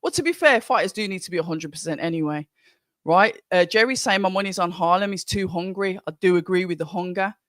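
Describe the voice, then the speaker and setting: A live-stream host with a Birmingham accent talks through a boxing watch-along in an easygoing, rambling way, often restarting sentences. The voice sits in a middle pitch. The recording is dry and close, with no room echo. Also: brisk, a bit bright. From Birmingham, England. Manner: chatty and rambling, with frequent restarts. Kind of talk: casual live-stream commentary, reading out chat.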